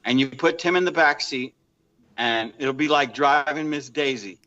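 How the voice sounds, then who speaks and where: Brief: man in his fifties, chatty co-host, bright forceful voice. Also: medium pitch, moderate pace, dull audio. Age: 50s. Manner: chatty, explanatory, with frequent restarts. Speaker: podcast co-host. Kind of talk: casual podcast chat.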